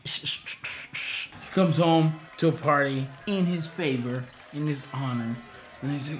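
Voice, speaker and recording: A man's voice: fairly high pitch, animated, slow, gravelly. A man retelling a movie in a rambling, profane comedic style, acting out the characters. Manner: rambling, profane, acts out characters with loud outbursts.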